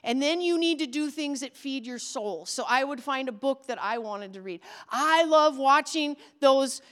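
A woman's voice: sits high, moderate pace. A woman children's pastor giving a casual teaching talk, telling stories and acting out the voices of the people she quotes. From Minnesota. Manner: animated storyteller, acts out quoted voices.

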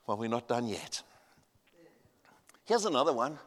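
A man in his fifties preaching a sermon, telling a family story and building to loud, emphatic peaks. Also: medium pitch, sing-song, measured pace, long pauses. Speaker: pastor. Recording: long hall reverb.

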